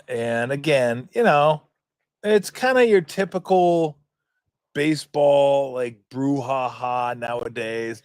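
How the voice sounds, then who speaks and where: A man's voice: medium pitch, dry recording. A man in his fifties hosting a sports talk show, commenting in a rambling, joking, profane way. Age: 50s.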